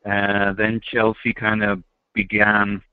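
A man's voice: lowish voice, monotone, slow, smooth, no room sound. A man, a regular on a podcast, talking through a football match in a hesitant way with many fillers. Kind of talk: casual podcast analysis. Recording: tinny call-in line.

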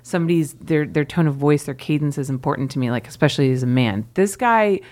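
A woman guest on a podcast, telling a story with animated, self-deprecating humor. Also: low-pitched, fast talker. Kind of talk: casual storytelling.

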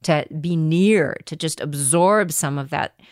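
A woman's voice: low-pitched, a little slow, darkish tone, no room sound, studio quality. A woman from Wisconsin, an actress guest telling her stories animatedly and swearing freely in casual interview chat. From Wisconsin, USA.

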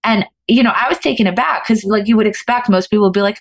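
Woman with a gravelly, lively storytelling voice. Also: medium pitch. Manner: animated, fast-flowing anecdotes with restarts. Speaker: guest, former professional poker player. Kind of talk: storytelling in a podcast interview.

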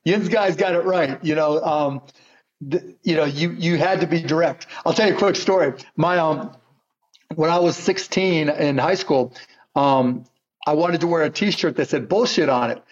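A man's voice: a little high, normal speed. A middle-aged man from Pittsburgh, speaking as a guest and telling blunt, direct stories in casual conversation. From Pittsburgh, USA. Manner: blunt, anecdotal storyteller. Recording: muffled lo-fi audio.

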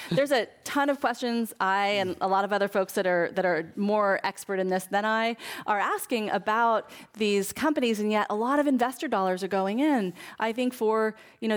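A woman speaking as a guest on a food policy panel, earnest and thoughtful, with frequent fillers. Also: mid-range voice. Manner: parent. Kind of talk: panel discussion.

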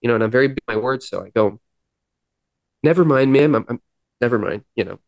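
Man, podcast guest, earnest storytelling, acts out quotes, average pitch, dry room. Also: vocal fry, a little mellow, dry recording. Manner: earnest, acts out past dialogue, halting restarts. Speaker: podcast guest, musician in recovery. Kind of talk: personal storytelling in a sit-down interview.

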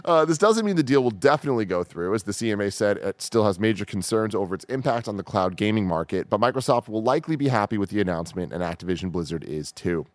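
A man's voice: on the low side, fast talker, hardly any pauses, no room sound. A man co-hosting a gaming news show, reading stories and chatting casually, swearing freely. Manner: relaxed, swears freely, laughs while reading.

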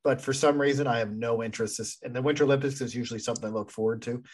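A man's voice: medium pitch, fairly even intonation, rapid-fire, a little mellow, husky. A man co-hosting a hockey podcast in casual sports chat, rambling and hesitant, laughing often. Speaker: podcast co-host.

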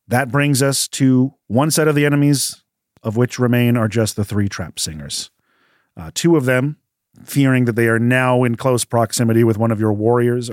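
A man running a tabletop game as game master, narrating the battle in a measured, descriptive way. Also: mid-range voice, no room sound, clean studio sound.

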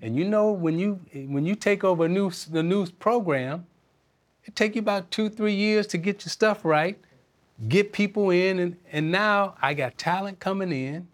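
A man, talking as a guest in an interview, earnest and reflective and quick to laugh. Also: sits high. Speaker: interview guest, former basketball player and coach. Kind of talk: casual interview talk.

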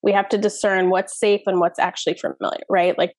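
A woman in her thirties, a parenting expert, telling stories in a lively, casual podcast chat full of fillers. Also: mid-range voice, fairly quick, dry recording. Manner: animated storytelling, many fillers.

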